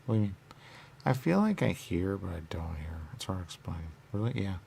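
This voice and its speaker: A man's voice: low-pitched, sing-song, a little fast, gravelly, darkish tone, slight background noise. A man rambling in circles, asking himself questions and answering them, repeating words and dropping into sudden whispers. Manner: circular, repetitive musing with sudden whispers.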